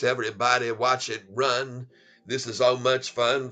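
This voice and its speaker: A man's voice: medium pitch, flat delivery, a little slow, sharp tone, faint music behind. A man giving playful live commentary on his stock trades, laughing often and chanting goofy little rhymes. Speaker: stock trading streamer. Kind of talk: casual live trading commentary.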